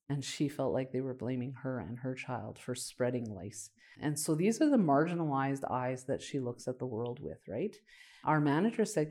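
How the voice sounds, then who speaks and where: A woman's voice: rumbling low, mellow. A woman leading a community organization, explaining its programs and telling stories in an earnest, conversational way. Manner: earnest and conversational, often adds "right?". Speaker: executive director of a community organization.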